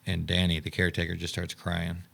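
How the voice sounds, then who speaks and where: A man's voice: low voice, completely flat delivery, fairly quick, gravelly, fairly bright tone. A man who owns and directs a camp, telling his story in a podcast interview and acting out the dialogue he quotes.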